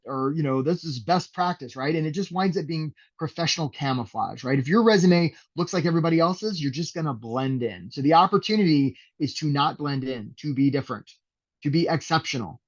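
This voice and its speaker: A man's voice: on the high side, muffled recording. A man teaching a live job-search webinar as a career coach, talking energetically and conversationally and often checking in with "right?".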